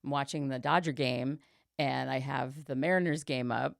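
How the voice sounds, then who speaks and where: A woman's voice: a bass voice, fairly even intonation, moderate pace, creaky, no room sound, clean studio sound. A woman co-hosting a casual sports podcast, rambling with plenty of ums and likes. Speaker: podcast co-host.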